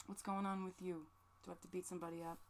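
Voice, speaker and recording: A woman's voice: on the low side, level tone, very fast, a little hiss or hum. A woman livestreamer chatting casually, rambling and joking with some swearing, emotional and close to tears. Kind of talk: casual stream chat.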